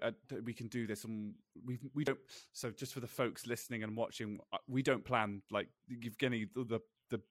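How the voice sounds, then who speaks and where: A British man hosts a relaxed podcast conversation. He rambles through anecdotes with stumbles, restarts and laughter, at a middling pitch. The sound is dry and close. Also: dry recording. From Britain. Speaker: podcast host. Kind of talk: casual podcast chat.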